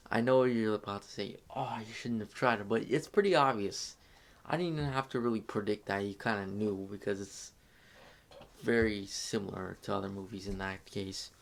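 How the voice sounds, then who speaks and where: A man's voice: lowish voice, vocal fry. A young man casually reviewing a movie, rambling and repeating himself with lots of fillers.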